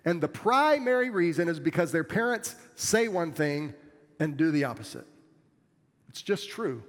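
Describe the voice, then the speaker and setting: A man's voice: on the high side, very animated, normal speed, big-room sound. A middle-aged man preaching a sermon as a pastor, earnest and plainspoken, with self-deprecating humor.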